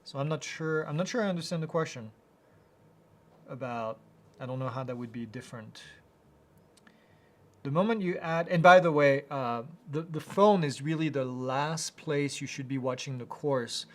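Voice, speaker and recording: A man leads a live Q&A chat, reading viewer questions out loud and answering in a casual, stop-start style with many fillers. His voice is a little high.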